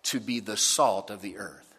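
A male pastor preaching a sermon slowly and emphatically, stretching out key words. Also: fairly low pitch, fairly bright tone, slightly rough. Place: church sanctuary. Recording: long reverb of a church hall.

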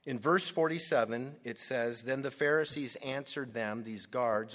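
A man preaching a sermon as pastor, delivering emphatic, deliberate lines with dramatic stresses. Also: mid-range voice, a bit bright, long reverb tail.

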